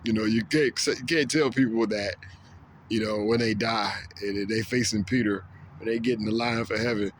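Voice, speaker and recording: A man's voice: lowish voice, steady tone, normal speed, slight background noise. A man talking straight to camera in a casual opinion monologue, repeating himself with stammered restarts and acting out quoted voices. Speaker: video blogger.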